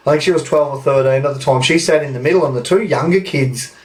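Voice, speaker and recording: A man's voice: on the high side, quick pace, recorded from a distance. A man in his thirties with an Australian accent, telling a rambling anecdote on a podcast and swearing freely. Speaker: podcast host. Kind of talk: casual storytelling.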